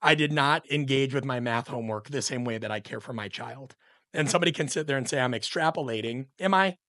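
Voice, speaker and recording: A middle-aged man in the middle of a podcast conversation, talking with fired-up conviction and pressing his points hard. His pitch sits in an ordinary middle range, and the recording is close and dry. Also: fast, bright, forceful tone, dry recording. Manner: passionate and ranting, emphatic. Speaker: guest, coach and author.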